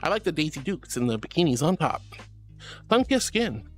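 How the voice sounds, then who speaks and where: A woman's voice: low voice, very animated, normal speed, faint music behind. A woman streaming and reading her chat, bubbly and giggly, calling her viewers sweetie and darling. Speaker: VTuber streamer. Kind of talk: livestream chat.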